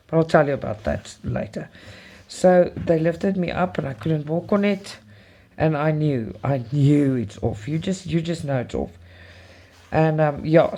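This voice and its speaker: A woman's voice: sits low, mellow. A woman vlogger, telling a personal story in a rambling, emotional way. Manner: rambling, emotional retelling with restarts. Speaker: cross-stitch vlogger. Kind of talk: casual storytelling chat.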